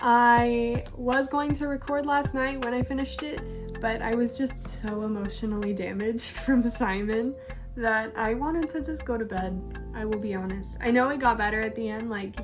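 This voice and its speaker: A woman chatting casually in a reading vlog, gushing and full of fillers. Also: on the high side. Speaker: book vlogger. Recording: clear background music.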